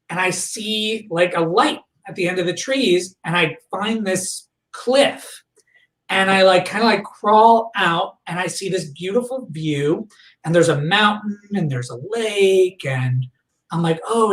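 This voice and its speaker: A man guest on a podcast, recounting a personal memory in a halting way, full of fillers and restarts. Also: high voice, a bit bright. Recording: echoey room, voice far from the mic.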